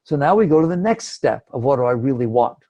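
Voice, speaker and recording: A man's voice: mid-range voice, big pitch swings, fast talker, warm tone, lo-fi sound. A man giving a conversational spiritual talk, emphatic and acting out inner thoughts. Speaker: spiritual teacher.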